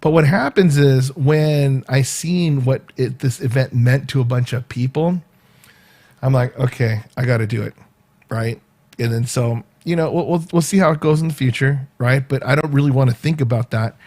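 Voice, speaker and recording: A man's voice: medium pitch, moderate pace, a little mellow. Rambling Southern California man chatting casually. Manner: rambling, repeats words, talks to live commenters by name. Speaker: show host and event organizer. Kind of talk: casual chat to viewers.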